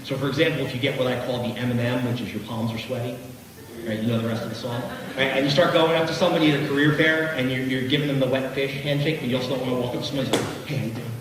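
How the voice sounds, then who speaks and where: A middle-aged man giving an animated, jokey keynote speech, talking straight to the crowd. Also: mid-range voice, rapid-fire. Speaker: keynote speaker. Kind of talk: motivational keynote speech to a live audience. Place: large hall. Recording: echoey hall from far off.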